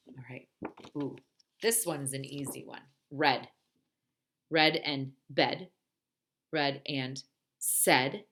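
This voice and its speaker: A woman who teaches pre-kindergarten, gently and playfully leading a storytime and rhyming lesson for young children. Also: low-pitched.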